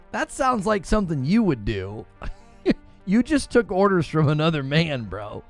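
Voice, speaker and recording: A man's voice: on the high side, wildly swooping pitch, a little slow, faint music behind. A man, hosting a gaming livestream, joking with his chat and laughing often. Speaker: gaming channel host.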